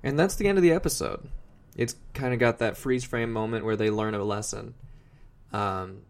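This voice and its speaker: A man's voice: lowish voice, moderate pace. A man co-hosting a comedy podcast, chatting casually and rambling as he recaps a show and stumbles over his words. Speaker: podcast co-host.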